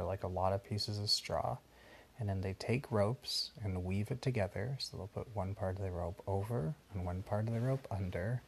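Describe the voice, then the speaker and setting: A man's voice: fairly low pitch, a little hiss or hum. A man patiently improvising a bedtime story for a child and explaining things along the way. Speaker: parent telling a bedtime story.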